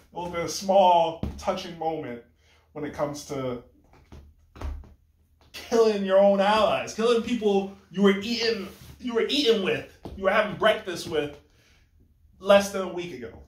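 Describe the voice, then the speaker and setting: A man with a fairly high voice rambles through a casual game critique, restarting his sentences and slipping into imagined dialogue. His voice rings off the walls of an echoey room. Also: unhurried, pauses often, a little hiss or hum. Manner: animated, rambling, self-correcting, acts out lines of dialogue. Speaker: gaming commentator.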